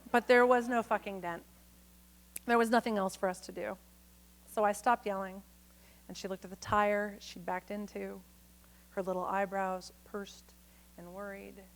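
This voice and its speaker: A woman's voice: medium pitch, poor audio. Woman poet reading frankly to a crowd. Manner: frank, salty storytelling with playful asides to the audience. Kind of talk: poetry reading with spoken asides. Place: conference stage before a live audience.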